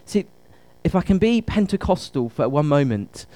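Higher-voiced male preacher, dry sound. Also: very animated, moderate pace, dark tone, dry recording. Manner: conversational, asks the congregation questions. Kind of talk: sermon. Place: church service.

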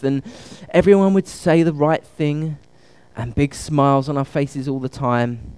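A man's voice: fairly high pitch, fairly even intonation, measured pace, few pauses, a little mellow, clean tone, no echo. A man preaching a conversational sermon at a church service, asking the congregation questions.

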